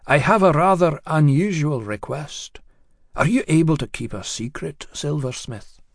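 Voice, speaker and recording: A man voicing an anxious, secretive young upper-class lady who speaks in a hushed, hesitant way. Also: on the high side, unhurried, no room sound, clean studio sound. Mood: hushed, urgent.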